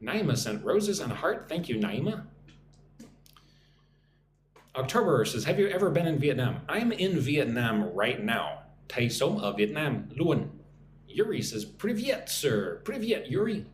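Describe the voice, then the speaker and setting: A man's voice: mid-range voice, sing-song, measured pace, echoey room, slight background noise. A man teaching English vocabulary on a live stream, reading out viewer comments and drilling pronunciation, often tagging "right?". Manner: reads viewer comments aloud and greets them. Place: room in Vietnam.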